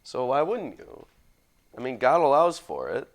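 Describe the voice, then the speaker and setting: A man's voice: mid-range voice, sing-song, a little slow, creaky. Wry, analytical man in casual discussion.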